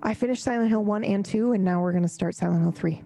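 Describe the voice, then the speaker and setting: A woman's voice: mid-range voice, quick pace, creaky, mellow, faint music behind. A woman streamer introducing herself and her podcast in a casual, friendly chat. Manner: friendly plugging, lots of mm-hmms.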